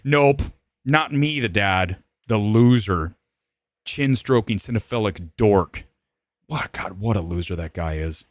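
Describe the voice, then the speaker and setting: A man's voice: on the low side, a little slow, dry recording, studio quality. A man in his forties hosting a live movie stream, ranting in a combative, sarcastic way and swearing freely. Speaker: livestream host. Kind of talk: profane live-stream rant.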